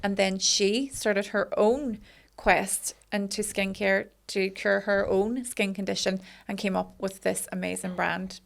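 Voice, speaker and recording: Northern Irish woman co-host, mid pitch with vocal fry, brisk and teasing. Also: flat delivery. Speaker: podcast co-host. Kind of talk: casual chat, reading an ad.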